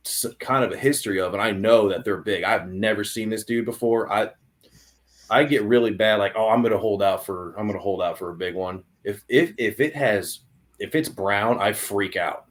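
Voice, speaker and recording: Young guy on a podcast, lowish voice, all fired up telling a hunting tale. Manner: excited, animated hunting story with many restarts. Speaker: podcast guest. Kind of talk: casual storytelling.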